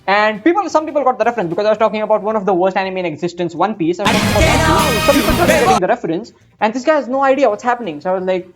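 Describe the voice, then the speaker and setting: A man's voice: high voice, lively intonation, very fast, hardly any pauses, music in the background. A young man in his twenties telling a rambling, profane, self-mocking story over gameplay. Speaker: gaming streamer.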